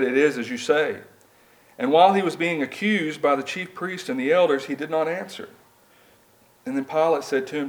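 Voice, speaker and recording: A man with a drawl preaches in a church, slightly high-voiced and earnest. He moves between reading scripture aloud and talking plainly to the congregation. His delivery is conversational, built on rhetorical questions. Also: slight background noise. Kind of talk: sermon. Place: church building.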